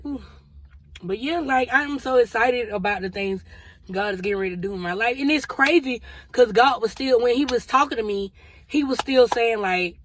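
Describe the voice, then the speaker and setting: A woman's voice: on the high side, normal speed, a little hiss or hum. A woman vlogger sharing a spiritual testimony in a casual, emotional, conversational way, talking straight to her viewers. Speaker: vlogger sharing a prophetic word.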